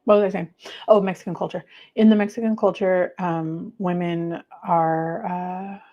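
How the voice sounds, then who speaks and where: A woman hosting a casual livestream, chatting warmly with viewers, gushing and trailing off with many fillers. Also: on the low side, fairly even intonation, moderate pace, lo-fi sound. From United States. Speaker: livestream host.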